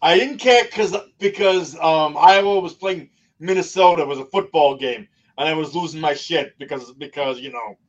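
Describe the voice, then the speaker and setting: High-voiced, profane, worked-up man. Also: moderate pace, few pauses, dull audio. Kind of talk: casual sports radio chat.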